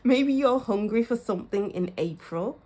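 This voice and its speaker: A young woman reading tarot for her viewers in a casual, musing way, often searching for words and laughing softly. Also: on the high side, expressive, normal speed. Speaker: tarot reader.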